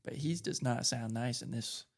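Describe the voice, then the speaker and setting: A man's voice: medium pitch, fairly even intonation, normal speed, vocal fry. A man co-hosting a podcast, rambling loosely and conversationally through a recap of a video game. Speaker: podcast co-host.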